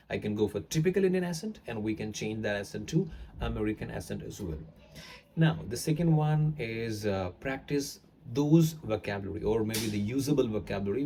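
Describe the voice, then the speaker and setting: A man teaching accents to camera, explaining in a rambling way with frequent pauses. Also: lowish voice, creaky, darkish tone, a little hiss or hum.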